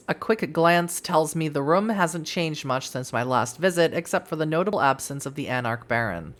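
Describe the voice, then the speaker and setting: A woman's voice: sits low, normal speed, few pauses. A woman hosting a let's play, reading the game's story aloud expressively with casual, swearing commentary. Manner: expressive, swears freely, laughs at the game.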